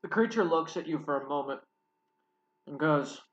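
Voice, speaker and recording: A man's voice: on the high side, lively intonation, moderate pace, slight background noise. A man narrating a tabletop game as game master, rambling with many fillers, in a roomy, slightly dull recording.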